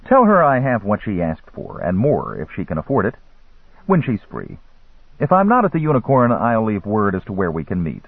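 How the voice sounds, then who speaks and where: A shrewd tavern owner talks terms in an even, businesslike way, as a man plays him. The voice is husky and the sound dry and narrow, like a phone line. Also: on the low side, moderate pace, no room sound, exaggerated voice. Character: shrewd male tavern owner and dealer, calm.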